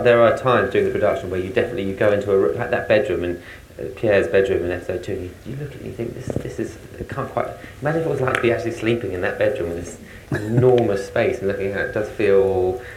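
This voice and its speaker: A man speaking as a director on a panel, giving quick, run-on explanations. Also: low voice, darkish tone, slight background noise. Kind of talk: panel discussion. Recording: roomy echo, faint ambience.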